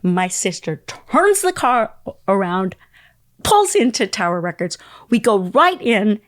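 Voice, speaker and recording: Woman, 60s, podcast guest, lively storyteller who acts out the people she quotes, dry close mic. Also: mid-range voice, takes it slowly, no echo. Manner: animated, acts out quoted voices.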